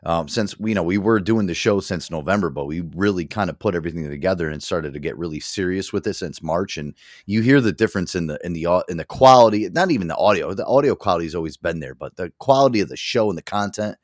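A man's voice: low voice, expressive, fast, dry recording, clean studio sound. A man hosting a talk show, rambling with lots of "I mean, listen," and laughing often. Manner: rambling, many fillers and restarts, laughs a lot. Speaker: host. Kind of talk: casual chat.

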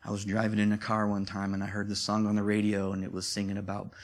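A man's voice: lowish voice, monotone, fast. A man preaching a sermon in a conversational way, often repeating himself and rising to emphatic peaks.

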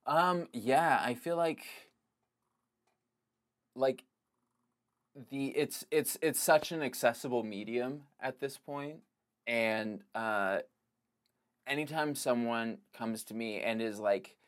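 A man chatting casually as a podcast guest, his voice sitting at an ordinary middle pitch. He rambles and circles back, peppering everything with "like" and "you know." The delivery is loose and unscripted. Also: takes it slowly, long pauses. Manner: rambling, full of "like" and restarts. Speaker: podcast guest, filmmaker and comedic actor. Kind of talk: casual conversation.

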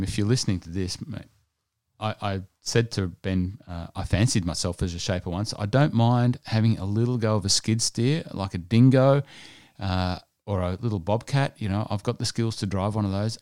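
Low-voiced man hosting a podcast. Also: a little mellow, no echo, studio quality. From Scotland. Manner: rambling, enthusiastic, many fillers. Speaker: podcast host. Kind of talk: casual solo podcast chat.

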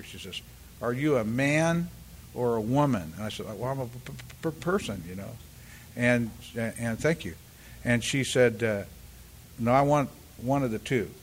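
An older man giving a halting, rambling personal share at a recovery meeting, full of restarts and "you know," and acting out the voices of the people in his story. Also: medium pitch, a little hiss or hum. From California, US. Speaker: speaker sharing at a recovery meeting.

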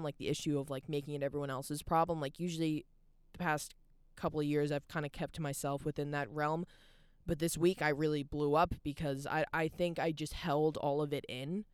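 A young woman hosts a podcast from home, talking in a candid, rambling monologue packed with "like" and restarts. Her voice sits low and smooth, recorded in studio quality with no room sound.

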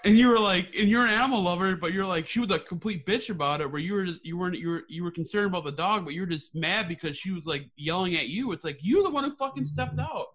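A man's voice: sits high, lively intonation, fast, hardly any pauses, a bit bright. A young man co-hosting a podcast, chatting loosely, swearing freely and laughing at his own stories. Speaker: podcast co-host. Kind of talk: casual chat.

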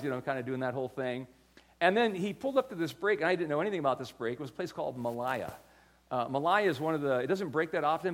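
An older man giving a sermon, telling stories in a conversational way with frequent restarts and repeated words. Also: on the high side. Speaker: pastor.

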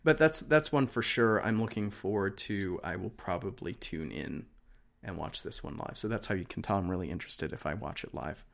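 A man's voice: deep voice, a little fast, creaky. A man from Wisconsin co-hosting a casual chat podcast, wry and offhand as he skims through listings. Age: 30s or older. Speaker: podcast co-host.

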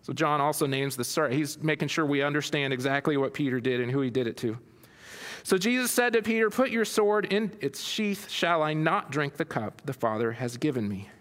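A man's voice: fairly high pitch, animated, fairly quick, a bit bright, long reverb tail. A man preaching a sermon, reading scripture aloud and then expounding on it with frequent restarts. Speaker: pastor.

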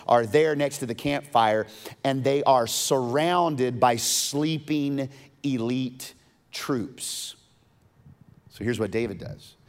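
A man's voice: mid-range voice, big-room sound. A man preaching a sermon, retelling a story casually and animatedly, with modern asides. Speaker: pastor.

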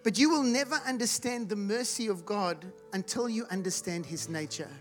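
A preacher giving a sermon to a live congregation, asking rhetorical questions and calling for responses, at times rising to loud shouts. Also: mid-range voice, moderate pace, faint music behind. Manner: rises to loud shouts when acting out the blind man's cries. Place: church hall with live congregation.

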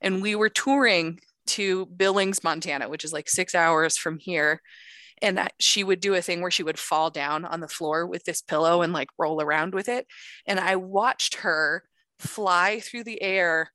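A woman telling a funny story in a relaxed, rambling way during a casual podcast chat. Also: fairly low pitch, a little slow, no echo, clean studio sound. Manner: relaxed anecdotal storytelling with fillers.

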